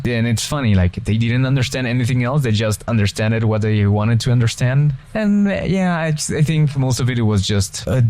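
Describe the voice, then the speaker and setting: A man's voice: medium pitch, animated, moderate pace, few pauses, darkish tone, no echo. A young man with a foreign accent, talking casually over gameplay in a rambling way, restarting sentences and drifting between tangents. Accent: non-native English, foreign accent. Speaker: gaming channel co-host.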